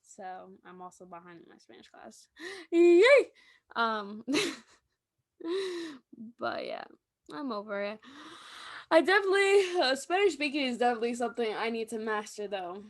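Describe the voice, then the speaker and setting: A young woman co-hosting a podcast, telling lively stories in casual chat and acting out the people she quotes. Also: fairly high pitch, normal speed, long pauses, no echo. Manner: animated storytelling, acting out quotes with laughs. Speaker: podcast co-host.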